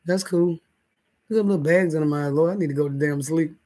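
High-voiced rambling male livestreamer. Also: fast, dark tone. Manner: rambling, profane, talks straight to the chat. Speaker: livestream host. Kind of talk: casual livestream chat. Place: indoors, in bed.

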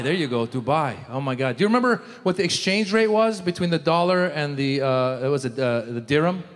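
A man's voice: a little high, big-room sound. A man doing a stand-up comedy routine on a theater stage, bantering with the audience and acting out scenes. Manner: animated, jokey, audience banter, acts out scenes.

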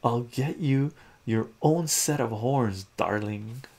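Man doing lovesick alien girl from a comic, coy, a bit gravelly. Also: medium pitch, slow, a little mellow. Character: lovestruck young alien woman, sweet and coy.

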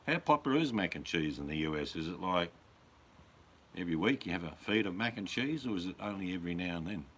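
A man's voice: low voice, expressive, fast talker, a bit bright. A middle-aged man, chatting casually and bluntly as a stream host, full of crude jokes. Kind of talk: casual live-stream chat.

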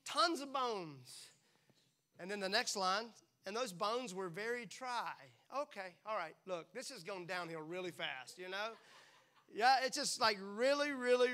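Preaching to his congregation in a church, this pastor has a high, ringing, bright voice and a playful, animated style. Throughout the sermon he briefly performs characters' voices, then returns to his normal speech.

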